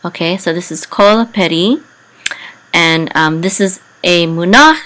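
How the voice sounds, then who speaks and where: A woman teaching biblical Hebrew reading, carefully spelling out letters and vowel sounds with frequent pauses. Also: lowish voice, fairly bright tone, low-quality recording. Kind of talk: slow explanatory lesson.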